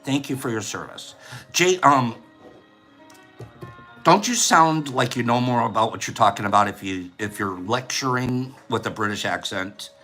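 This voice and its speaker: A man's voice: medium pitch, moderate pace, bright, forceful tone, faint music behind. A man hosting a casual livestream, playful and laughing often as he reads viewer comments aloud. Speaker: livestream host. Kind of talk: casual chat.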